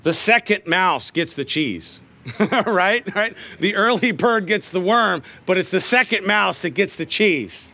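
A middle-aged male preacher with a high, bright voice, delivering a sermon. He tells homely stories and keeps checking in with the congregation. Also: expressive, a little slow, creaky. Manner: folksy storytelling, calls out "Amen?" to the congregation.

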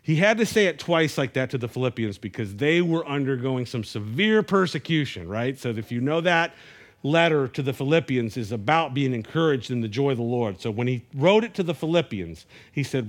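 A pastor delivers an earnest sermon in a mid-pitched male voice. He stumbles over repeated words as he builds each point, then lets his phrases sink low and quiet. His pitch sits at an ordinary middle for a man. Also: animated, fairly quick.

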